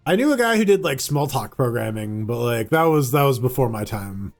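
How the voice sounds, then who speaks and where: A man co-hosting a live gaming podcast, rambling and joking excitably while playing. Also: fairly high pitch, normal speed, hardly any pauses, soft background music. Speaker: podcast co-host. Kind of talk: casual live gaming chat.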